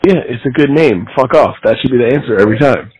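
A man's voice: mid-range voice, animated, quick pace, darkish tone, slightly rough, no room sound, highs cut off. A man chatting casually about fantasy football, teasing and laughing a lot. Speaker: podcast co-host.

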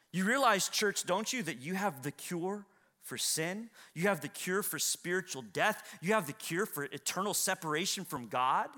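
A man preaching a sermon to a church congregation, swinging from near-shouts down to low, quiet lines. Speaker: pastor.

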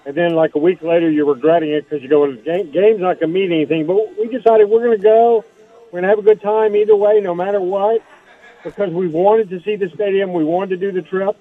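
A man from Louisiana calling in to a radio show, telling a rambling, excited story. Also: high voice, fast, soft background music. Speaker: caller. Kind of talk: phone-in call. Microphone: phone line. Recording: tinny phone line.

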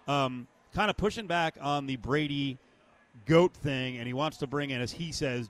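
A man's voice: mid-range voice, normal speed. A man in his fifties hosting a sports talk show, steering the chat with strong opinions. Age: 50s. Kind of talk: casual sports radio chat.

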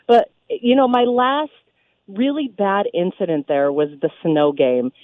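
A woman, a radio DJ, calling in to a sports radio show and telling stories with emphatic, animated delivery. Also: medium pitch, unhurried, no echo. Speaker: radio DJ guest. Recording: tinny phone line.

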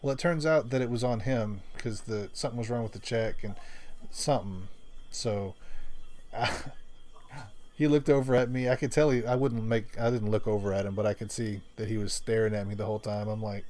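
A man's voice: fairly low pitch, fairly even intonation, fairly quick, darkish tone, slight background noise. A man telling rambling, profane work stories in casual chat, laughing often. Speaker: storyteller in casual conversation.

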